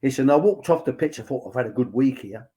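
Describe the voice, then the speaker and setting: An older man talks in a relaxed, anecdotal way. He rambles through stories full of "um" and "he said," with an even, mid-pitched voice. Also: fast talker. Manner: chatty storyteller, lots of "he said" and fillers. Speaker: former football academy director, guest. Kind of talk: anecdotal casual chat.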